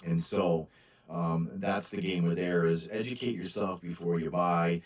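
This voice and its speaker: Low-voiced man rambling casually. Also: steady tone, a little slow, rough recording. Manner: rambling, frequent ums and restarts, candid. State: tired, yawning. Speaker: sports card seller and channel host. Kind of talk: casual monologue to camera.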